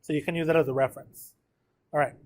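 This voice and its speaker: A man's voice: on the high side, steady tone, fast, darkish tone. A man teaching a math lesson, working through a graph step by step, counting aloud and addressing his students directly.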